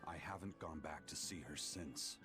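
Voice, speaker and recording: A man's voice: rumbling low, normal speed, music in the background. A man voicing a curt, serious adventurer in a video game.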